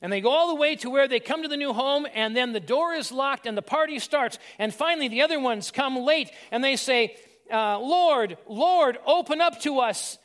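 A male pastor preaching a sermon in a plain, conversational way, asking his listeners rhetorical questions, sometimes loud and sometimes hushed. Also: very high-pitched, brisk, few pauses.

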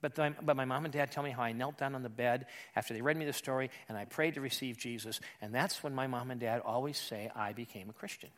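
A male pastor preaching a storytelling sermon. He talks conversationally with repeated restarts and swings from quiet asides to loud, emphatic peaks. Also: mid-range voice, quick pace, hardly any pauses.

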